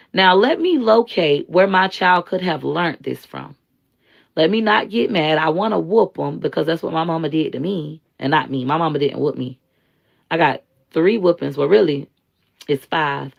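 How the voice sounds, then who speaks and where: A woman hosting a live stream, giving blunt, slangy commentary and telling stories in an animated way. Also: low-pitched, creaky, highs cut off. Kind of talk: casual commentary and storytelling.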